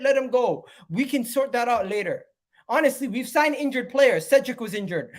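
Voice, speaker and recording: A man on a live stream, venting his frustration to his chat. He repeats phrases again and again and swings between loud outbursts and low, muttered asides. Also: lively intonation, moderate pace. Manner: exasperated, repeats phrases over and over. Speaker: fan channel host. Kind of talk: live-stream football fan rant.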